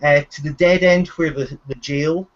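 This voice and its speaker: Man, game master, fairly high voice, stumbling over words, muffled lo-fi audio. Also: steady tone. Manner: halting, repeats words, laughs often. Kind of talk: narrating a tabletop game. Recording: dull lo-fi recording.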